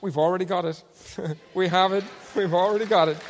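Irish-based preacher in an echoing hall. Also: male voice, high voice, steady tone, brisk, slight background noise. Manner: swings from loud shouting to hushed storytelling. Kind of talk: sermon testimony. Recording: long hall reverb.

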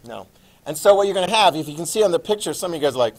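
A male history teacher lecturing a classroom in a playful, animated way, adding sound effects. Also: fairly high pitch, fast talker.

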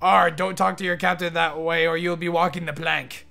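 Boisterous pirate captain, put on by a man, loud growls, hammy, high and bright. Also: flat delivery, normal speed, gravelly, soft background music.

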